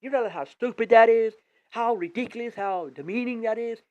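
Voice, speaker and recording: A man's voice: very high-pitched, moderate pace, a little mellow. A man hosting a live online radio stream, rambling and exhorting listeners in a preachy rant. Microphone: tablet microphone. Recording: dull lo-fi tablet stream.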